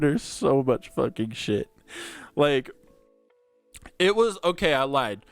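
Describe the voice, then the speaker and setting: A man's voice: a little high, lively intonation, slow, long pauses, clean tone, dry recording, soft background music. Crude, laid-back young man telling stories. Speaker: podcast host. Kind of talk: casual storytelling chat.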